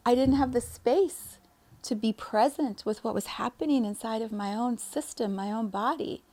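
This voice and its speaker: A young woman, a spiritual coach, giving an earnest motivational monologue, laughing often and sometimes dropping to a soft whisper. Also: a little high, normal speed.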